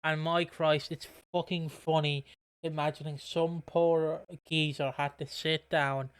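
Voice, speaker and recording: A man's voice: fairly high pitch, little pitch movement, a little slow, smooth. A man hosting a podcast, rambling through a casual, sweary recap of a soap opera. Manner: rambling, swears casually, loses his train of thought. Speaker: podcast host.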